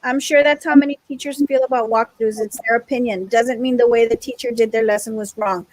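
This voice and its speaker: A woman's voice: fairly high pitch, fairly even intonation, fairly quick, dry recording, low-quality recording. A woman teacher speaking in a group meeting, exasperated and emphatic, repeating her points. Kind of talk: frustrated discussion in a group meeting.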